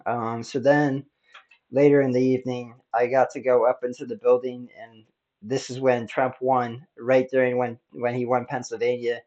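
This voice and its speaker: A man's voice: mid-range voice, darkish tone, dull audio. A man hosting a podcast, telling a story casually in a rambling way, full of fillers and laughs. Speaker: podcast host.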